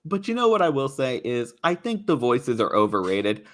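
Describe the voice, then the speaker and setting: A young man talking as a guest in a casual chat, animated and expressive, laughing often. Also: mid-range voice, moderate pace. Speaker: guest, YouTube creator on tabletop games.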